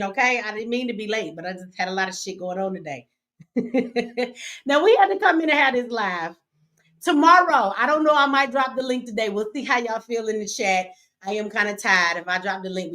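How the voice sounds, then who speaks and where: A brash woman hosts a casual livestream from her home studio, her voice sitting a little high. She jokes, teases and swears freely as she talks straight to her audience. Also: pushed and bright. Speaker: livestream host.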